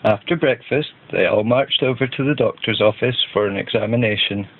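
A man's voice: fairly low pitch, brisk, slight background noise. Man reading a storybook over a tinny line. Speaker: narrator. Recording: tinny phone-like band.

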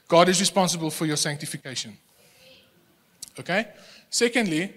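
A man preaches a sermon in a high, lifted voice. He stumbles and repeats words as he restarts, with quick bursts of acted-out scenes. With no microphone, his voice carries through a church hall with a long, echoing reverb. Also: a bit bright. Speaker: pastor.

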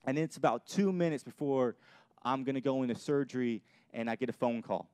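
A man's voice: medium pitch, a little fast, a little mellow, dry recording. Earnest young man preaching, dry sound. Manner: earnest, repeats and restarts phrases. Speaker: pastor. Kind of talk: sermon with personal testimony. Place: church.

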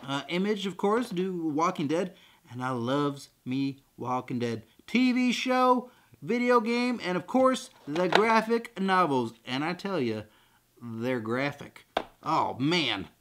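Male unboxing host, goofy and jokey, very lively pitch. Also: takes it slowly, background noise. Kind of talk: excited unboxing chatter.

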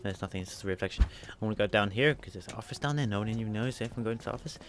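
Fast-talking man doing game commentary. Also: lowish voice, slight background noise. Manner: narrates each move, spells out letters, repeats phrases. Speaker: let's play gamer.

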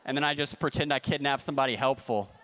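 A man doing a stand-up comedy set, with a deadpan, ironic delivery and playful asides to the crowd. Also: medium pitch, fast, smooth. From United States. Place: large convention hall stage. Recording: long hall reverb.

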